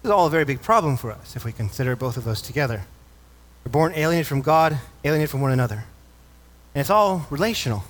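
A male pastor preaches earnestly, reading scripture aloud and putting questions to the congregation. He talks fast in an animated, mid-range voice with a slightly bright tone.

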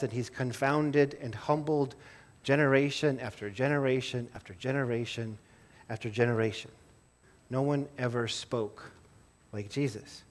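A man preaching a sermon to his church in a conversational way, often repeating words as he restarts a thought. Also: medium pitch. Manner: conversational, self-interrupting with small laughs and repeated words. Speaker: pastor.

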